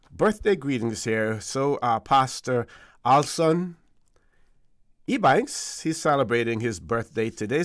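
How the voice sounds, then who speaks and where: A Caymanian man hosting a radio talk show, talking in a relaxed, rambling way with plenty of fillers and restarts. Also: mid-range voice, dry recording. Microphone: studio microphone.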